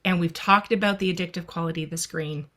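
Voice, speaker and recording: A woman's voice: lowish voice, fairly even intonation, fast, a bit bright. A woman on a parenting discussion panel, chatting and telling a personal story with lots of "like"s. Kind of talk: casual discussion.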